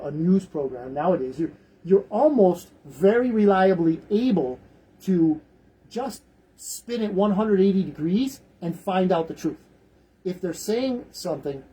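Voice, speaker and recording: A man's voice: high-pitched, warm tone, slightly rough, poor audio. A man hosting a talk radio show, rambling through the news in casual commentary, often repeating words.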